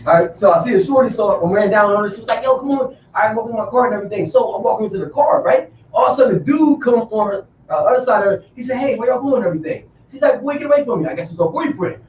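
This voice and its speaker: A man co-hosting a podcast, telling a story in an animated, excitable way and acting out the voices in it. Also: high voice, rapid-fire, hardly any pauses, a little hiss or hum. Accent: South Jersey. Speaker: podcast co-host. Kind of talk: casual storytelling. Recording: echoey room, distant mic, dull sound.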